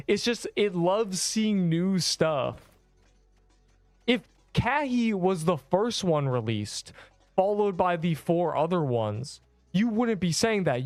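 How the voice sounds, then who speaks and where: A man's voice: high voice, no echo. A young man streaming a game, bantering sarcastically with his chat in a casual, joking way.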